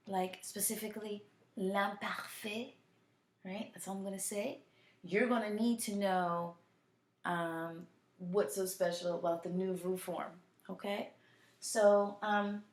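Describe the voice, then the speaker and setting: A woman teaching a French class, drilling verb conjugations slowly and patiently, often asking "right?". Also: mid-range voice, roomy sound. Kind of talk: recorded classroom lesson, switching between French and English.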